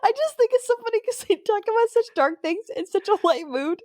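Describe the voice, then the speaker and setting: A young woman, co-hosting a podcast in casual chat, animated and acting out quoted lines. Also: very high-pitched, a little fast, dry recording, studio quality. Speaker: podcast co-host.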